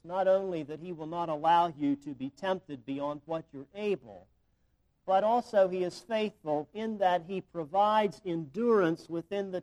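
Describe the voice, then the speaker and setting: A man's voice: high voice, darkish tone, low-quality recording. Man preaching with emphatic repetition. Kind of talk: sermon.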